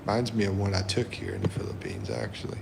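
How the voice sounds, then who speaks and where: A man hosting a livestream, reading chat comments aloud and chuckling often in a relaxed way. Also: deep voice, quick pace, vocal fry, very noisy. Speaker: livestream host.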